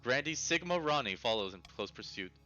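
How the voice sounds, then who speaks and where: A man narrating a tabletop game as game master, lively and laughing often. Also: medium pitch, a little fast, highs cut off, soft background music.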